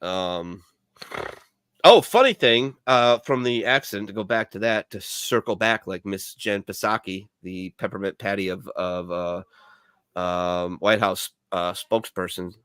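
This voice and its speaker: A man's voice: sits low, measured pace, fairly bright tone, clean tone, dry recording, studio quality. A man from Milwaukee, a veteran co-host of a radio show, rambling through profane stories in casual chat full of fillers.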